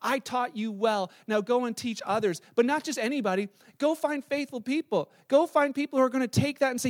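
Pastor, middle-aged man, high voice, dry close sound, relaxed storytelling sermon. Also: a little fast, hardly any pauses, no echo. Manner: conversational, storytelling with asides and restarts.

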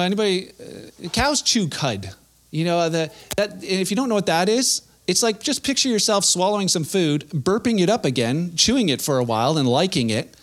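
A young man with a high voice preaches in a loose, chatty way, slipping into playful little acted-out bits. His delivery feels like talking with friends rather than lecturing. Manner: casual, conversational preaching with playful acted-out asides. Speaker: pastor. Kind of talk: sermon.

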